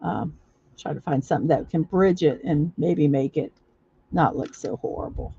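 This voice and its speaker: A woman hosting a casual livestream, talking viewers through a building-block project step by step, halting often with fillers and restarts. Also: low-pitched, vocal fry, dark tone, slightly rough, dry recording. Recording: dull lo-fi recording.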